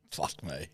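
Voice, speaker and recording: A man's voice: deep voice, slightly rough, no room sound. A man co-hosting a podcast, chatting casually with crude, teasing banter. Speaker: podcast co-host. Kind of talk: casual comedic chat.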